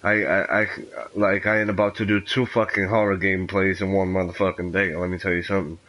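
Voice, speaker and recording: A man commentating while playing a horror game, cursing freely and reacting loudly. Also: sits low, quick pace, poor audio. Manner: profane, animated, reacts loudly. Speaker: gameplay commentator. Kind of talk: let's play commentary.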